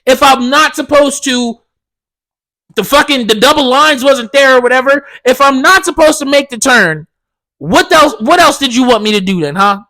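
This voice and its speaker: A man's voice: very high voice, animated, moderate pace, pushed and bright. A young man ranting profanely as a solo podcast host.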